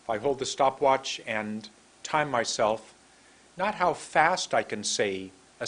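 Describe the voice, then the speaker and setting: A man teaching English pronunciation to camera, speaking in a drawn-out, emphatic way and demonstrating mouth positions. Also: mid-range voice, lively intonation, a bit bright. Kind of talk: slow deliberate teaching to camera. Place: room with a computer and camera.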